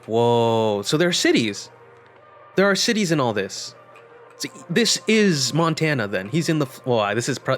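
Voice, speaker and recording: A man's voice: mid-range voice, fairly bright tone. A young man giving casual let's-play commentary, wry and joking as he thinks aloud. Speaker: gaming channel host.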